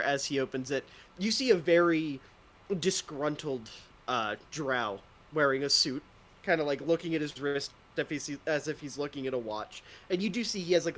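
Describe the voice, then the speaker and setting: A man's voice: medium pitch, fairly bright tone. A man narrating as a tabletop game master in a loose, rambling way.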